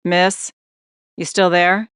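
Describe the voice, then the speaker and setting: A woman puts on an eerie older male caller for an audiobook, his voice deep and gravelly, slow and controlled with a menacing edge. He comes across low and dry, close to the mic with no room around him. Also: flat delivery, fairly bright tone, dry recording. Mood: ominous.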